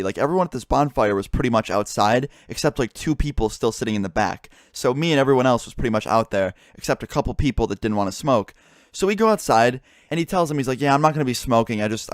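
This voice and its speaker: Young man, fast casual storytelling, swears a lot, acts out friends' lines, mid pitch, dry close recording. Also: no echo. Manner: swearing, animated retelling with quoted dialogue.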